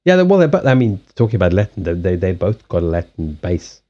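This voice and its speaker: On a casual live stream, a man from Africa reads cards and chats with his audience, replying to the chat with halting restarts. He has a deep, sing-song, mellow voice, and the sound from his streaming rig is lo-fi.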